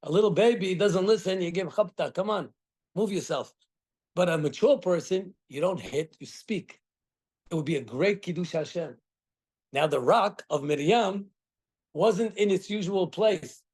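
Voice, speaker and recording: Middle-aged rabbi, higher-pitched man, teaching a class, acts out quotes. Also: normal speed, slightly rough. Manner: animated storytelling with acted quotes. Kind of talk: Torah class.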